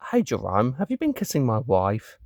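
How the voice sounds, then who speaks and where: A man's voice: medium pitch, wildly swooping pitch, normal speed, gravelly, a little mellow, no room sound, clean studio sound, full character voice. A man voicing an accusing boss in a comic strip. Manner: accusing, blunt. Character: jealous bossy male boss.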